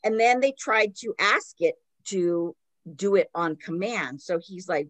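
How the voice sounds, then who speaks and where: A woman's voice: lowish voice, normal speed, dry recording. A woman, a podcast host, retelling a story in a loose, casual chat full of "like" fillers.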